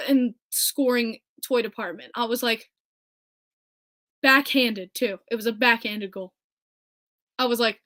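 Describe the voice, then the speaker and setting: A young woman hosting a solo podcast, recapping a game in an animated, exclamatory fan style. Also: high voice. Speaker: podcast host.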